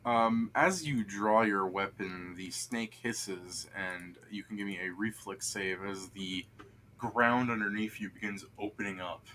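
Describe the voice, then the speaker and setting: A man's voice: lowish voice, measured pace, a little hiss or hum. A man running a tabletop game as game master, who narrates casually and jokes and laughs a lot. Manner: laughs a lot, relaxed and joking.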